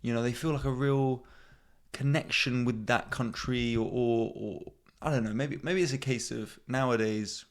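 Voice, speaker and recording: A man's voice: mid-range voice, fairly even intonation, moderate pace. A man in his thirties hosting a comedy podcast, rambling in a self-mocking way and swearing freely. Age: 30s. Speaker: podcast host. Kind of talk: casual comedic monologue.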